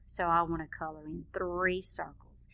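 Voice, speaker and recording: A woman teacher leading a lesson for young children, speaking clearly and encouragingly and stretching out words as she claps them. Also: on the low side, level tone, normal speed, a bit bright.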